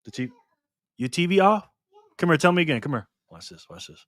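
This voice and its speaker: A man hosting a casual live stream, reading the chat aloud with excitement and frequent laughter. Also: fairly high pitch, a little fast, no echo, studio quality.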